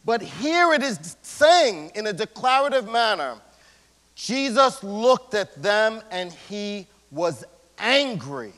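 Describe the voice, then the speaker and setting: A male pastor giving a sermon in a casual, slangy way, swinging between loud emphasis and hushed near-whispers. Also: high voice, very animated, slow pace. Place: church sanctuary. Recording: long church hall reverb.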